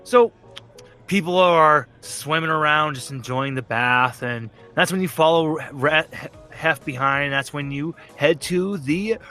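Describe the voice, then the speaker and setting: A man's voice: a little high, unhurried, bright, forceful tone, faint music behind. A man narrating as game master in a casual, rambling way, swearing and laughing often.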